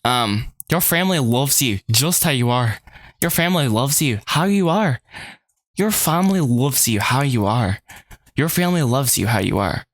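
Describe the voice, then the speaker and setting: A man reading the lines of a gentle young woman who is comforting a friend, speaking earnestly into a desk microphone. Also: mid-range voice, expressive, moderate pace, vocal fry, hardly any pauses, no room sound. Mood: reassuring.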